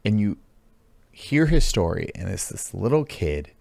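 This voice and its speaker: A man hosting a casual podcast chat, animated and swearing, laughing a lot and jumping into high mock voices. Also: unhurried, vocal fry, no echo. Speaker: podcast host.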